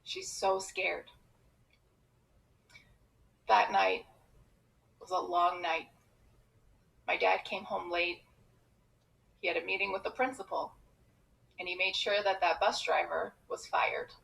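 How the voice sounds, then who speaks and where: A comedian from Iran telling a personal story with expressive, quick comic timing. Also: female voice, fairly low pitch, vocal fry, poor audio.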